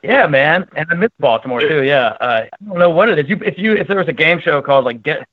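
Guy calling in to a podcast, rambly and halting, dry muffled phone sound. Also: on the high side, expressive, no room sound. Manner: rambling, self-deprecating, halting. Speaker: guest calling in. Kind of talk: casual interview chat. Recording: dull dry phone call.

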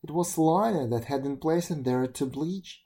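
A storyteller reading a classic fairy tale aloud, lifting and dropping the voice for emphasis. The tone is warm and mellow, suited to bedtime listening. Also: normal speed. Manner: expressive, shifting pitch for emphasis.

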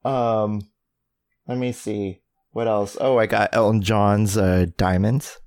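A man co-hosts a podcast, chatting casually and rambling enthusiastically with plenty of ums and uhs. His voice is fairly low and a little mellow, with a level tone and slow pace.

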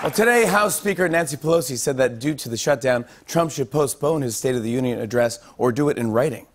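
Punchy late-night host delivering comedy monologue. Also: male voice, medium pitch, fairly quick, a faint crowd. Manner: punchy joke delivery with playful emphasis. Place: television studio with live audience. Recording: studio audience laughter and noise.

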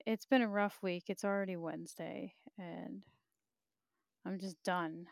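A woman's voice: fairly low pitch, steady tone, a little slow, creaky, no echo, clean studio sound. A woman hosting a podcast live, chatting casually and candidly, reading viewer comments with frequent laughs and profanity. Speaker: podcast host.

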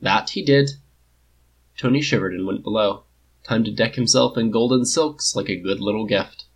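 A man narrating a story in a measured, even reading voice. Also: fairly low pitch, slightly rough.

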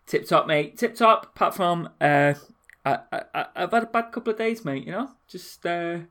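A man's voice: high voice, expressive, normal speed, fairly bright tone. A man co-hosting a casual podcast, laughing often and stumbling through restarts, calling his friend "mate". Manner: uses "mate" a lot. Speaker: podcast co-host. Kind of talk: casual banter.

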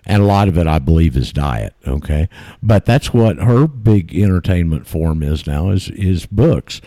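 Deep, dark-voiced male radio host. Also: animated, normal speed, no echo, clean studio sound. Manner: plainspoken, easygoing, asks questions. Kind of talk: casual radio talk.

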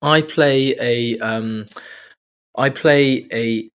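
An actor co-hosting a podcast, hesitant and halting in casual chat. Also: male voice, mid-range voice, fairly bright tone, clear, resonant tone. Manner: hesitant, lots of fillers and restarts.

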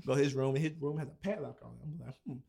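Very fast and gravelly, his mid-range voice slightly rough, a young man spins a story for friends. He acts out the dialogue of the people involved, stays animated throughout, and swears openly in the casual chat.

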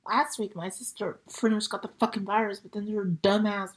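A sick young woman hosting her podcast, hoarse and tired, often slipping into a whisper as she talks with halting, frustrated swearing. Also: mid-range voice, fairly even intonation. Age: young adult. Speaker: podcast host. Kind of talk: casual solo podcast chat.

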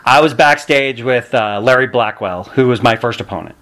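A man who is a podcast guest and pro wrestler, telling stories in an animated way and acting out the people he quotes. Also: medium pitch, normal speed. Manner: acts out quotes with loud shouts and shifts. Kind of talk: animated storytelling.

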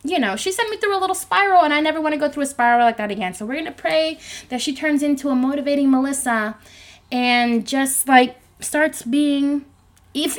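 A woman in her twenties with a high, girlish voice, rambling self-consciously through a solo podcast recorded in her bedroom. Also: a bit bright. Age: 20s. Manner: rambling, self-conscious, chatty with frequent fillers. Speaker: podcast host. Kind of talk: solo podcast monologue, casual chat. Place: home bedroom. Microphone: microphone.

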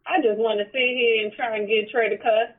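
A woman's voice: a little high, fairly even intonation, brisk. A woman calling into a podcast, casual and teasing with a sassy manner, heard over a phone call. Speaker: caller, sponsor. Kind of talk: casual chat.

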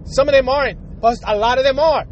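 High-voiced man in a profane rant. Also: fairly quick, dull audio, a little hiss or hum. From United States. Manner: profane, heated, blunt. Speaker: vlogger. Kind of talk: angry rant to camera.

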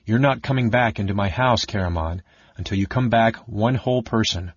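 A man voicing a firm, resolute young wife who speaks quietly, steadily and earnestly. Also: lowish voice, brisk, slightly rough, no room sound. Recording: dull lo-fi dry audiobook recording.

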